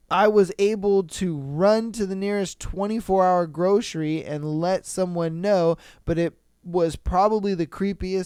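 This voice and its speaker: A man hosting a podcast, reading listener stories aloud and reacting with animated, profane disbelief. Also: sits high, smooth, no room sound, clean studio sound. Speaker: podcast host. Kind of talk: casual commentary reading stories.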